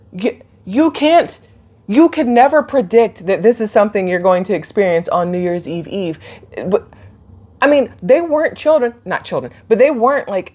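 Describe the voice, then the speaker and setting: Chatty woman telling a story on her phone. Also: lowish voice. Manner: animated, chatty, laughs and gasps while retelling. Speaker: vlogger. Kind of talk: casual storytelling to camera.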